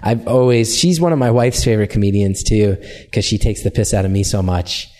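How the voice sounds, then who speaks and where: Man, American accent, mellow voice, animated storyteller, casual interview chat. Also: fairly low pitch, a little fast. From United States. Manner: animated self-deprecating storytelling. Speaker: comedian guest.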